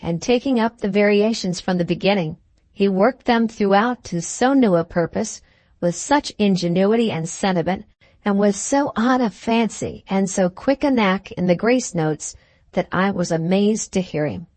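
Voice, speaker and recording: A woman narrates a classic novel as an audiobook, reading at a steady, measured pace. Her voice sits at a middle pitch for a woman. The recording is close and dry, with no room echo.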